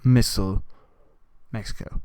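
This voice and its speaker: A man's voice: a little mellow, no room sound, natural voice. A man putting on the voice of a blustering, dim older male politician who stumbles over his words. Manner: halting, repeats words.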